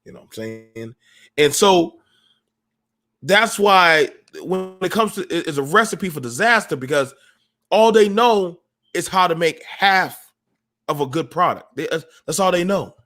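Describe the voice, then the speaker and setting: A man hosts a casual call-in podcast and talks in an animated, preachy storytelling manner full of slang. His voice sits a touch higher than most men's. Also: measured pace. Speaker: podcast host.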